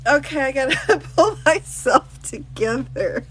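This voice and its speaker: A woman's voice: high-pitched, expressive, poor audio. A woman attorney hosting a live stream, reading a document aloud and reacting to chat with frequent laughter and exclamations. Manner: reads text aloud in a brisk, plain way.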